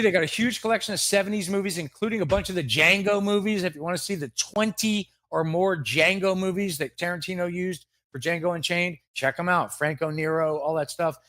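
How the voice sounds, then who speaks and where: High-voiced bright man ranting. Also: brisk, hardly any pauses, no echo. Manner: mock-angry ranting, swearing. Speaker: podcast co-host. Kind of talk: comedy podcast banter and rants. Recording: live show with background music.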